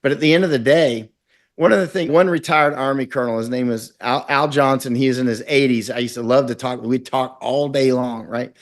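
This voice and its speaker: A man's voice: mid-range voice, fairly even intonation, fairly quick. A middle-aged man from Florida, a guest in an interview, talking in an intense, rambling way and acting out quotes. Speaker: guest, war correspondent. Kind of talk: conversational interview.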